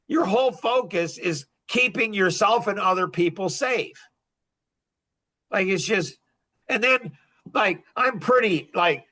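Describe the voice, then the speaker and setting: A man's voice: high-pitched, sharp tone. A man hosting a podcast, talking in a rambling, emphatic monologue full of fillers. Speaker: podcast host. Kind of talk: casual monologue.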